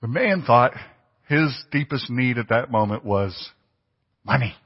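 Husky preacher in an echoing hall. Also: male voice, mid-range voice, lively intonation, measured pace. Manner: conversational preaching, asks the congregation questions. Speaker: pastor. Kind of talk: sermon. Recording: dull lo-fi church recording with long reverb.

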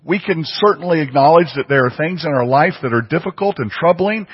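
A man's voice: a little high, animated, brisk, slightly rough. A man preaching a sermon, emphatic and fond of repeating phrases for stress. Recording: muffled audio with long hall reverb.

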